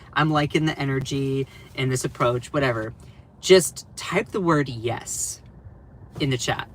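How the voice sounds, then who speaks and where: A man hosting a political commentary live stream, animated and sarcastic, laughing often as he talks. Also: on the high side, slight background noise, rough recording.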